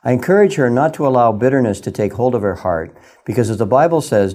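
Mellow-voiced man giving earnest advice. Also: lowish voice, animated, brisk, hardly any pauses. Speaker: radio guest giving financial advice. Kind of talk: scripted radio spot.

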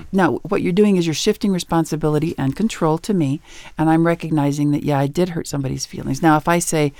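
A woman's voice: sits low, quick pace, no room sound, studio quality. A middle-aged woman, an author and educator, giving parenting advice in a radio interview and acting out bits of dialogue as she tells stories. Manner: animated storyteller who acts out dialogue.

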